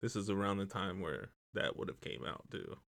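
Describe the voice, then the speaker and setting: A man's voice: sits low, expressive, fairly quick, gravelly, fairly bright tone. A man co-hosting a podcast, teasing in a laid-back, casual way. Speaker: podcast co-host.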